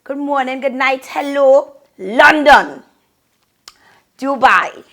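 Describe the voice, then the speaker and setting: A young Trinidadian woman giving effusive, sing-song shout-outs to her viewers in a casual vlog. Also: high-pitched, takes it slowly. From Trinidad and Tobago. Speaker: vlogger.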